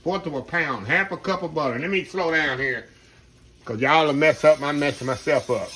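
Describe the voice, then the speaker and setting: A middle-aged man walks viewers through a recipe in a folksy, rambling way. His voice sits a little high for a man. Faint kitchen sounds run behind him. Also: normal speed, fairly bright tone, slight background noise. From Texas. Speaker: home cook host. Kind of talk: casual cooking demonstration.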